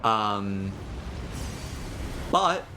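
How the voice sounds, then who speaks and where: A man streaming himself playing a video game, talking casually with rambling, sarcastic asides and animated bursts. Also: on the low side, very slow, background noise. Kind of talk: casual gameplay commentary.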